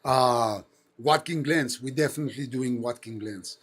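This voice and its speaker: A man's voice: mid-range voice, moderate pace, husky. A man in his thirties with a French accent, hosting a casual live stream and telling stories with lots of swearing and engine-noise imitations. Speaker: host.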